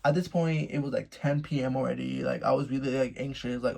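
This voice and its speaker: A young man telling a story-time tale to his viewers in a casual, animated, gossipy way, laughing often and swearing freely. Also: medium pitch, fairly quick, gravelly. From Mexico.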